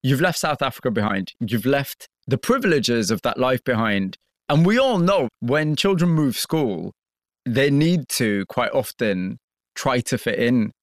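Measured male radio presenter. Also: mid-range voice, lively intonation, no echo, studio quality. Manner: measured, empathetic questioning. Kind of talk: broadcast interview with scripted narration.

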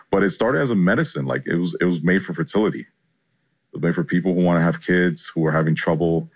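A man's voice: sits low, quick pace. A man, a chef, giving chatty and enthusiastic answers in an interview. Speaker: chef and guest.

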